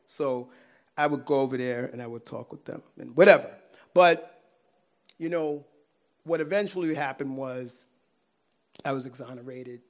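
A man telling a personal faith testimony in a casual, animated way, laughing often and swinging between loud and hushed. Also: mid-range voice, normal speed, long pauses. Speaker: guest sharing a personal testimony.

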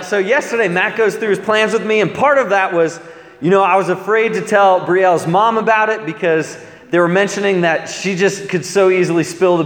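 A man preaching, telling a lively story about pranking a friend and acting out both sides of the calls. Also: high voice. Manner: animated, laughing storyteller acting out a phone prank. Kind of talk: sermon storytelling. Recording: echoey hall with a crowd.

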